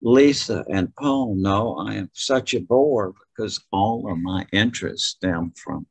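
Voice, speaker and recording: A man speaking as a guest in a casual video-call interview, rambling and hesitant with many pauses and fillers. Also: sits low, breathy edge, no room sound. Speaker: guest author.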